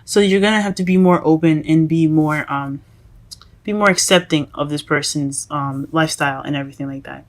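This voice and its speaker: A woman giving a casual tarot reading to her viewers, halting and self-correcting as she goes, often calling them "guys". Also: low-pitched. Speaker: tarot reader.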